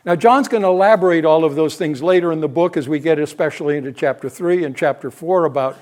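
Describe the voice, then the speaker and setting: A man's voice: on the high side, fast, darkish tone. An older man preaching on a Bible passage, thinking aloud and correcting himself as he goes. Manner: thinking aloud, frequent restarts and self-corrections. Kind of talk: expository Bible teaching.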